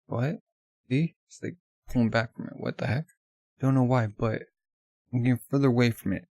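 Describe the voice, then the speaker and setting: Gravelly man reading manga aloud. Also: mid-range voice, steady tone, moderate pace, darkish tone, dry recording. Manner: loose, offhand delivery with many fillers. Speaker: manga reader. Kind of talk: casual manga read-aloud.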